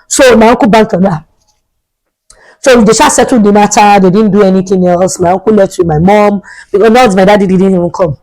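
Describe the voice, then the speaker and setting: A woman's voice: medium pitch, fairly even intonation, a little fast, darkish tone, rough recording. A young adult woman, a vlogger telling a storytime tale in a chatty way and repeating herself for emphasis. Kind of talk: storytime vlog.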